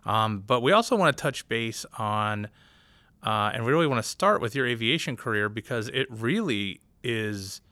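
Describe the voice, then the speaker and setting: A man's voice: mid-range voice, lively intonation, moderate pace, bright, forceful tone, dry recording. A man from the US East Coast hosting an interview, earnest and full of ums and uhs.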